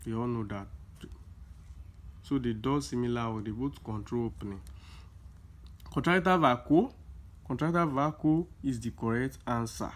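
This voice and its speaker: Repetitive man tutoring exam prep. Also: mid-range voice. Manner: explains slowly with many repeats, emphatic. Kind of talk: casual exam-prep lesson.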